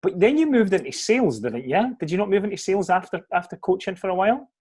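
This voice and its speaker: A man's voice: high-pitched, expressive, darkish tone, husky. Chatty male podcast host. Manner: chatty, jokey, quick to interject. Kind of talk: casual podcast interview.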